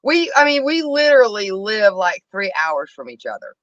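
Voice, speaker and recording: A podcast co-host joining by remote call, talking in a laid-back, drawn-out casual way. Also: mid-range voice, big pitch swings, fairly bright tone, no echo, muffled recording. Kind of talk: casual chat.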